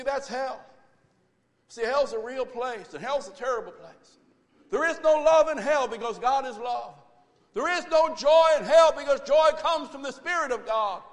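A pastor preaching a sermon, building to fervent, repeated exhortations. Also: male voice, very high-pitched. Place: church sanctuary. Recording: long church reverb.

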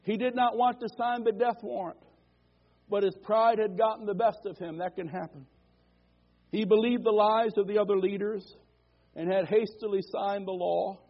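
A man's voice: sits high, fairly even intonation, moderate pace. A male pastor preaching a fervent sermon in a church, calling for amens and building to repeated declarations. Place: church sanctuary. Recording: dull lo-fi church recording.

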